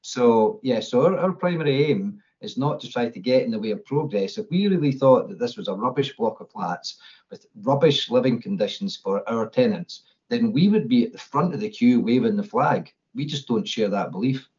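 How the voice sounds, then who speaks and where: A man, a landlord objecting at a formal meeting, speaking in a measured way with hesitant restarts. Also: mid-range voice, expressive, darkish tone. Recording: dull lo-fi audio.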